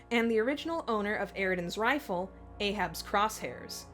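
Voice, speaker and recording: A woman narrating scripted fandom facts with dry, teasing banter. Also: mid-range voice. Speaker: co-host of fandom facts video. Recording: music bed behind voice.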